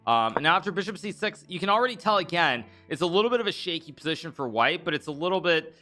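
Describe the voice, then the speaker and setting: A man's voice: on the high side, expressive, music in the background. A man in his thirties giving casual live-stream commentary on chess games, thinking aloud with restarts and fillers. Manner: thinks aloud with frequent restarts and fillers, reads out donor thanks quickly.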